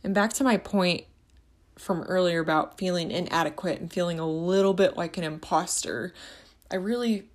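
A woman hosting a casual faith-and-money monologue, talking in an earnest, rambling, passionate way. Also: on the low side.

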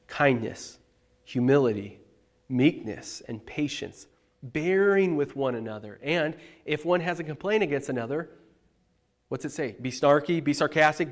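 A man, the pastor, giving a conversational sermon, animated and emphatic, talking straight to his congregation. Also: mid-range voice.

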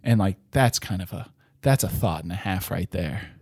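A man's voice: sits low, animated, normal speed, a little mellow, slightly rough. A man co-hosting a conversation on scripture, talking in a rambling way, restarting his sentences and tagging many of them with "right?". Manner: rambling, self-interrupting, frequent "right?". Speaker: podcast co-host. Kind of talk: casual conversational discussion of scripture.

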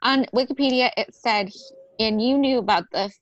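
A woman's voice: a little high, normal speed, no echo, highs cut off. A woman co-hosting a casual chat, talking in a chatty way full of fillers. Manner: chatty, lots of fillers, laughs along. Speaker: podcast co-host.

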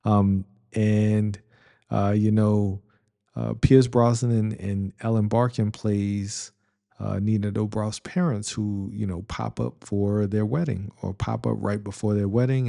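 A man's voice: on the low side, gravelly, warm tone. A middle-aged man hosting a podcast, casually reviewing a comedy in a rambling way, with many fillers and restarts. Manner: rambling, lots of ums and restarts, chuckling. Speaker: podcast host reviewing movies. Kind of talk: casual movie review monologue.

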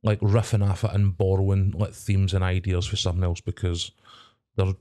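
A man's voice: deep voice, level tone, moderate pace, dark tone. A young Scottish man co-hosting a podcast, rambling in casual chat, swearing and laughing often. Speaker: podcast co-host.

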